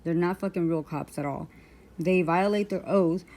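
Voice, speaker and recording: Brief: woman in a vlog rant, lowish voice, aggrieved, rambling with lots of ums. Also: moderate pace, a little mellow. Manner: rambling, full of fillers and restarts; aggrieved, indignant. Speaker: vlogger. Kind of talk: personal storytelling rant.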